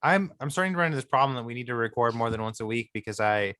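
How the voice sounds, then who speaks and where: Man, podcast co-host, casual rambler, mid-pitched, dry close sound. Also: animated, very fast, pushed and bright, clear, resonant tone, dry recording. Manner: chatty, rambling, swearing. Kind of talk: casual chat.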